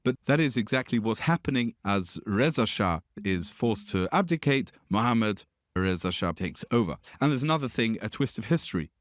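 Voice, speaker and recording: A man's voice: lowish voice, lively intonation, moderate pace, no echo, studio quality. A man hosting a podcast, giving history commentary in a discursive way, often correcting himself mid-sentence with asides. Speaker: podcast host.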